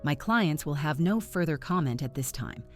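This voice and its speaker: A woman's voice: low voice, animated, normal speed, soft background music. A woman voicing a composed male family lawyer who speaks formally and firmly. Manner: clipped, controlled, formal.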